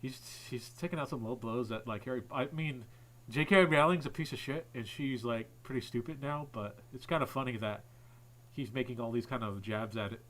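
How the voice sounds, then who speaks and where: A man's voice: medium pitch, brisk, a bit bright. A man giving profane reaction commentary at his computer, ranting, mocking and laughing at what he watches. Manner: ranting, mocking, swears constantly, laughs at clips. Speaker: reaction video host. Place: home computer setup.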